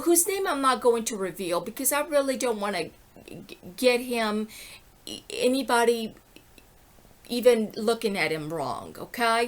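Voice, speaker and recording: A middle-aged woman giving an impassioned, rambling personal monologue, indignant and often breaking off to ask "okay?". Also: on the high side. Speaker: vlogger.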